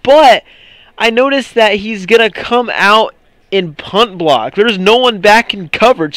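A young man giving casual, excitable commentary over a football video game, prone to ranting when frustrated. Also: high-pitched, unhurried. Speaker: gaming commentator. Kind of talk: gameplay commentary.

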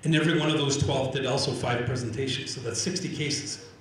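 Animated male speaker in an echoey hall. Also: mid-range voice, fairly quick, far from the mic, slight background noise. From Canada. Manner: animated storyteller acting out quoted exchanges; repeats words when restarting. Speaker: Indigenous organizer and speaker. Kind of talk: live public talk. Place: large event room with audience. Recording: very roomy hall echo, faint ambience.

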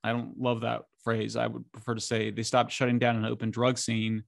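A middle-aged man speaking as a podcast guest, his voice gravelly and recorded close and dry. He talks in animated, incredulous bursts, often restarting his sentences. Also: mid-range voice, a little fast, no room sound. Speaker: author and interview guest. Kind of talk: conversational interview.

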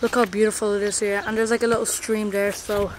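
A young vlogger walks around a hot hillside and beach, chatting excitedly to her handheld camera for a casual travel vlog and peppering her talk with "like" and "guys." She talks fast in a mid-range voice, and the outdoor camera audio is noisy with wind.

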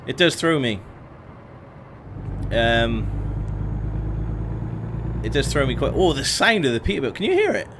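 A man's voice: mid-range voice, big pitch swings, a little slow, pauses often. Chatty man streaming a truck game. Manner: chatty, greets chat viewers by name. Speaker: gaming streamer. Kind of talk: casual live-stream commentary. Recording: faint truck engine noise behind.

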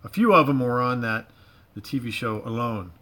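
A middle-aged Florida man with a bright, forward voice and a loose Southern drawl flecked with Cajun, chatting casually to a livestream audience. He rambles, restarts his sentences and leans on folksy slang, talking from his home garage. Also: mid-range voice, animated, normal speed. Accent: Southern US drawl with Cajun touches. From Florida, USA. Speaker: livestream host.

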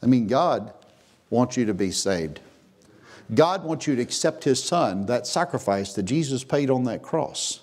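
Man preaching with sweeping, lively pitch. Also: measured pace. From Texas. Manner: preaching with big swings, dropping to a hush then rising to a near shout. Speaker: pastor. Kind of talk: sermon. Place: church sanctuary.

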